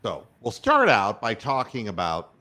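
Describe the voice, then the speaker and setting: Slow, animated, cursing podcast host. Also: male voice, lowish voice. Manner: grumbling, sarcastic, swears freely. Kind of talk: profane rant.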